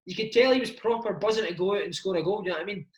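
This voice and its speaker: A man's voice: high-pitched, very fast, muffled recording. A Scottish former footballer in his thirties, telling stories in casual chat, swearing freely and calling the listener mate. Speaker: former footballer, interview guest. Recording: roomy echo.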